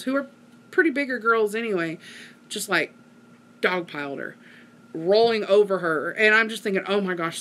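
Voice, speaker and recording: Middle-aged woman vlogger, chatty and rambling, bright tone. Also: a little high. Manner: rambling storytelling with many fillers. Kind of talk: casual chat to viewers.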